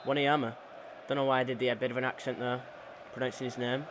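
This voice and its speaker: A man's voice: medium pitch, flat delivery, quick pace, background noise. A young man giving casual, rambling commentary over his own gameplay as a channel host, with plenty of fillers and self-corrections.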